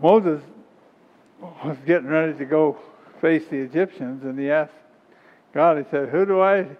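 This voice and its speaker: A man preaching a sermon and reading scripture, emphatic and rising in pitch on key points. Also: a little slow. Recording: dull sound with long hall reverb.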